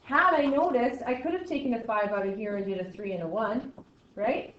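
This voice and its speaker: A woman math teacher giving a classroom lesson to students, talking in a chatty, playful way with jokey asides and swings from loud to quiet. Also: a little high, a little fast, a little hiss or hum. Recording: echoey classroom, dull lo-fi sound.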